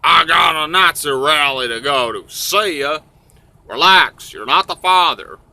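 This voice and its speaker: A swaggering bigoted man full of contempt, put on by a male narrator. The voice sits a little higher than usual and has a bright, hard edge. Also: unhurried, gravelly, exaggerated voice. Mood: sneering. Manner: contemptuous, dismissive.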